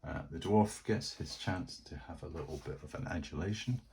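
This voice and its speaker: A man's voice: a bass voice, normal speed, gravelly, background noise. A man narrating a solo board game, chatty and thinking aloud as he plays.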